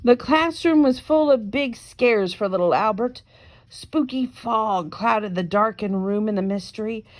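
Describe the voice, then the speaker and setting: Woman, storybook read-aloud, very slow and deliberate, higher-pitched, chatty asides. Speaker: reader. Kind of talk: reading a picture book aloud.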